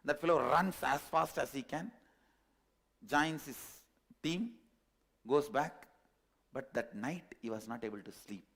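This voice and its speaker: A man, a spiritual teacher telling a parable in a discourse, animated and chuckling at his own jokes. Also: a little high, measured pace, vocal fry, pauses often.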